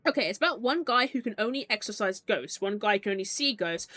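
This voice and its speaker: A woman's voice: medium pitch, animated, normal speed, sharp tone, dry recording, faint music behind. A woman streamer reading game text aloud and chatting with viewers in a rambling way, with lots of "like". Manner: chatty, peppered with "like", giggly asides.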